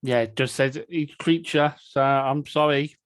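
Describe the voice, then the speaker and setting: A man playing a tabletop game, talking through his turn hesitantly with many pauses. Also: medium pitch, steady tone, clean tone, dry recording, clean studio sound. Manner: hesitant, lots of uh's. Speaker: player. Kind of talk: casual tabletop play.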